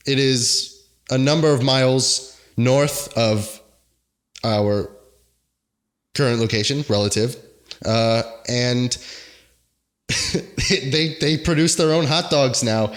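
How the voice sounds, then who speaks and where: A man co-hosting a casual podcast, rambling through a story and often breaking into laughs. His voice sits at a middle pitch. He sounds unhurried and joking. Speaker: podcast co-host. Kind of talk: casual chat.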